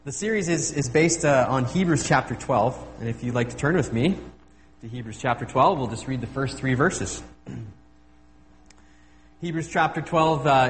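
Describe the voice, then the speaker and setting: A man preaching a relaxed, halting sermon with self-deprecating humor, at a medium pitch. His voice carries a long hall reverb, and a faint hum sits underneath it. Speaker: guest preacher.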